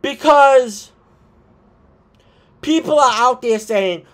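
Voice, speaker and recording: A man talks through a casual wrestling vlog, his voice sitting high for a man. He drawls his points out slowly, tossing in swears and exasperated asides. He has the hiccups. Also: animated. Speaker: wrestling commentator vlogger.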